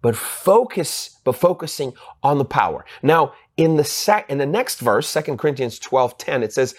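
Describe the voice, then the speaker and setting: A man delivers a sermon at a mid-range pitch, often restarting and repeating words as he searches for the phrase. As he goes on he grows fervent, pushing his voice higher to stress his points. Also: animated. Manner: halting, with many restarts and fillers, growing emphatic and rising in pitch. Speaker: preacher.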